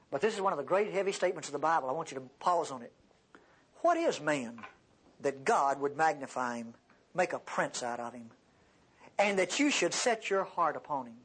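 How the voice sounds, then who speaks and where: Male Bible teacher, husky and animated, pitch swinging widely as he acts out quotes for the class. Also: normal speed. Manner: conversational, addresses the class directly.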